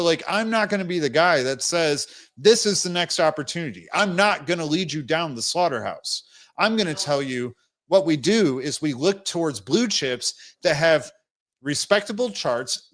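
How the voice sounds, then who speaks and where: A young man hosts a loose crypto livestream in a fairly high voice. He talks bluntly and in rambling bursts, restarts his sentences often, and keeps catching his breath through the hiccups. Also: a bit bright. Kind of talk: casual livestream commentary.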